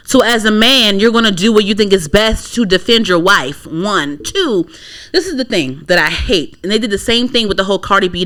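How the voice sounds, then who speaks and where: A young adult woman from the Washington DC area co-hosts a podcast in a medium-pitched, fairly bright voice. She speaks bluntly and profanely, ranting through a casual chat about her opinions.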